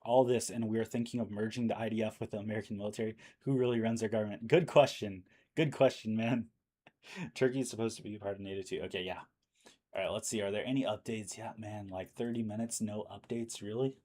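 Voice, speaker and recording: Hoarse man rambling through live news. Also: fairly low pitch, steady tone, fast, warm tone. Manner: rambling, thinking aloud with fillers. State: losing his voice. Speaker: livestream news host. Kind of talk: casual live commentary.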